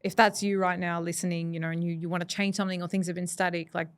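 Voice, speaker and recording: A woman's voice: fairly low pitch, level tone, quick pace. A woman hosting a podcast, talking in a reflective, encouraging way with many fillers. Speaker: podcast host. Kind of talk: casual interview chat.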